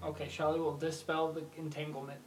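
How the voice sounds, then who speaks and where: A woman's voice: low voice, level tone, fairly quick, distant mic. A woman playing a tabletop game, declaring her character's actions in a playful, giggly way. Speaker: player. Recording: echoey room with background music.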